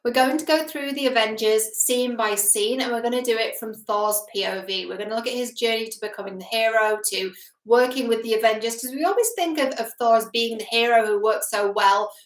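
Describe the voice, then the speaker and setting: A woman's voice: fairly high pitch, a little fast. A woman hosting her own show as a relationship coach, chatting through a film analysis in an emphatic way and often asking the listener questions. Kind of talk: casual film analysis commentary. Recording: roomy echo.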